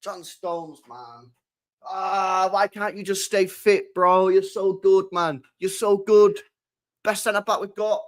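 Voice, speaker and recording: Chatting casually with his live-stream chat, a man gets excitable and swears a lot, his volume often swinging between loud and quiet. His voice is high-pitched and his pace slow.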